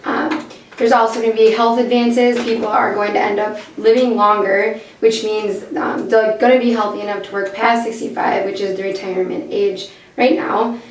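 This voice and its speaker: A woman's voice: medium pitch, steady tone, normal speed. Young woman, student presenter, voice going, distant echoey room. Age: young adult. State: losing her voice. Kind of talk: class presentation. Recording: echoey room, far from the mic, faint noise.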